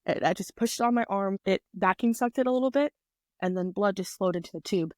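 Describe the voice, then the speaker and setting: A woman in her twenties, a podcast guest, telling a personal story in a chatty, animated way on a close mic. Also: medium pitch, a little fast, no room sound. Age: 20s. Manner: chatty, animated retelling with quoted voices. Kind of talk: casual storytelling.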